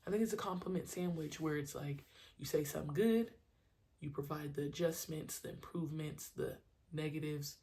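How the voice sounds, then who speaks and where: A woman podcast host and youth sports trainer, talking casually and animatedly, often acting out her own shouted coaching lines in a slangy, conversational way. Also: sits low, creaky. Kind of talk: casual monologue.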